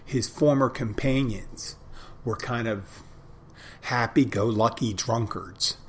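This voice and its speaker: A middle-aged podcast host with a medium-pitched voice speaks slowly through a rambling, reflective monologue, restarting often. The casual recording has a little hiss or hum.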